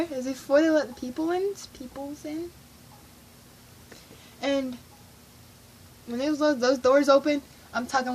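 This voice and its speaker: A teenage girl vlogging, telling a rambling, excitable story with lots of fillers. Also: high-pitched, poor audio. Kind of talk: casual storytelling vlog.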